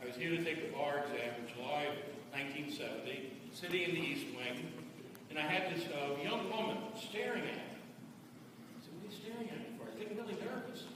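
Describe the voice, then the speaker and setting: An older man in his seventies recounts a memory in a measured, unhurried way. His voice sits a little high. He sounds distant, in a reverberant hall with steady noise behind him. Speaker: speaker at a celebration. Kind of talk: anecdotal speech. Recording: echoey hall, distant mic, background noise.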